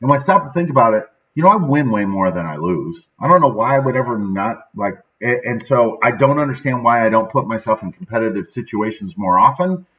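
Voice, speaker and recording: Brisk and expressive, with hardly any pauses, the medium-pitched voice has a fairly bright tone. Its owner, a thirty-something central Illinois man, hosts a daily motivational show where he rambles cheerfully and keeps adding "right?", on a slightly dull, lo-fi recording.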